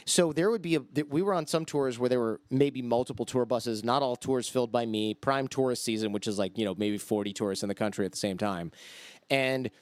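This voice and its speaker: A man guesting on a podcast, telling stories in a casual, animated way and acting out the quoted voices. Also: mid-range voice, fairly quick, dry recording. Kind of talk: casual storytelling.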